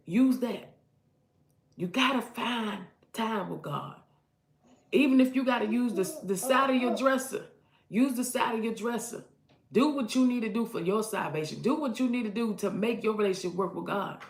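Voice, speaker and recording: Fiery woman preacher in an echoey room. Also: mid-range voice. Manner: emphatic, repeats lines, rises loud when exhorting. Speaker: online prophetic preacher. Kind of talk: impassioned street-style preaching.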